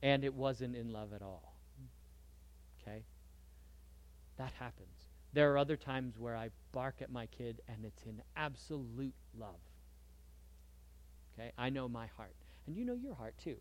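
A man preaching a sermon in a conversational way, moving between soft asides and lively emphasis. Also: medium pitch, unhurried, pauses often. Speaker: pastor.

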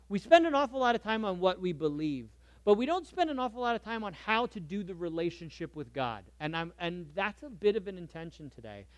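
A man preaching a sermon in a conversational way, moving between soft asides and lively emphasis. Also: sits high, no room sound. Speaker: pastor.

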